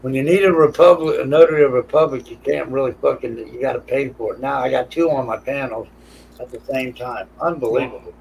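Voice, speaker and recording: Gravelly dude hosting a live panel, swears a lot, teases everybody, faint hiss behind. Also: male voice, medium pitch, a little fast, a little mellow, poor audio. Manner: profane, blunt, teasing. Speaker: panel show host. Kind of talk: crude casual panel banter.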